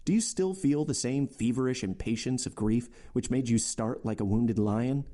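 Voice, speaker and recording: A man's voice: mid-range voice, moderate pace, dark tone, natural voice. A man voicing the Count, a worldly and commanding nobleman, in a raised, sweeping voice. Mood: intense.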